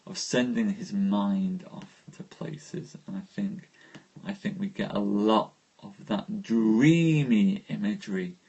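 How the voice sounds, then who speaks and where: A man hosting a live poetry stream, reciting verse slowly and dreamily, then chatting with viewers between poems. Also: fairly low pitch, a little mellow, slightly rough. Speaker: host reading poetry aloud.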